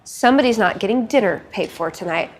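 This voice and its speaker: A woman's voice: medium pitch, expressive, fast. A woman playing a board game as a guest, quirky and joking. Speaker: guest player. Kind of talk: casual chat over a board game.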